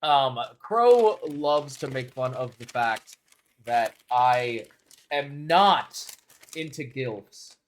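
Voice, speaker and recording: Speaking very slowly, the streamer uses a medium-pitched voice with lively intonation as he chats with viewers during his game. He laughs often, swears with abandon, and playfully sticks up for himself.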